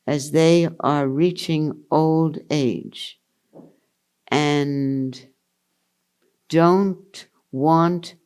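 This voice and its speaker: An older woman teaching at a retreat, answering questions in an unhurried, amused way and laughing often. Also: low-pitched, warm tone, clear, resonant tone. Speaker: spiritual teacher.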